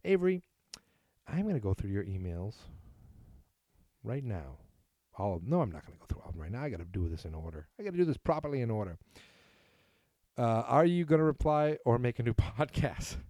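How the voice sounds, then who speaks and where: A man's voice: medium pitch, sing-song, fairly quick, pauses often, warm tone, dry recording, studio quality. A man from New England hosting a casual solo podcast, reading listener emails aloud and rambling with self-deprecating asides. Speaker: podcast host.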